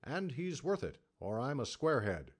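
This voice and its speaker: A man's voice: medium pitch, very animated, moderate pace, husky, voice pushed up. A man voicing a blunt, mocking male saloon keeper in an audiobook reading. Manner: demanding, mocking. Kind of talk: audiobook character voice.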